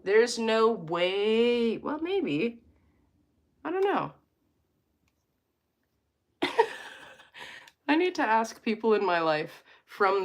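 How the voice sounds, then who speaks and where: A woman in her thirties from Alberta, Canada, chatting casually and playfully to her viewers, rambling and cutting herself off. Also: lowish voice. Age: 30s. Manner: rambling, playful, self-interrupting. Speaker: vlogger.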